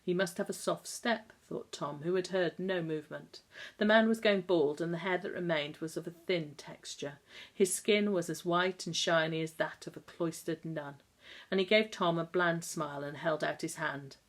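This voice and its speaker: A woman narrating a novel aloud in a measured, calm storytelling manner. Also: on the low side. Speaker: audiobook narrator. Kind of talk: scripted narration.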